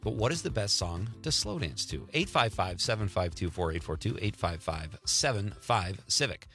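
A man's voice: lowish voice, lively intonation, moderate pace, gravelly, bright, forceful tone, faint music behind. A man in his fifties from Wisconsin hosting a casual radio talk show, chatty and laughing often into a studio mic.

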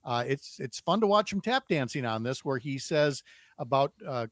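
A man's voice: medium pitch, dry recording. A man speaking as a radio panelist, making pointed and sarcastic remarks.

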